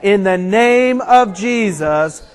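A man preaching to a crowd, praying and then telling a funny story before a Bible passage, growing animated and shouting at the climax. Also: high voice, slow, faint music behind, rough recording. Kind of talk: storytelling sermon.

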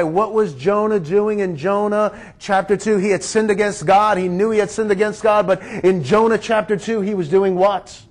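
A man's voice: high-pitched, steady tone, moderate pace, hardly any pauses. A man pastor preaching a sermon, emphatic and drawing his congregation into call-and-response.

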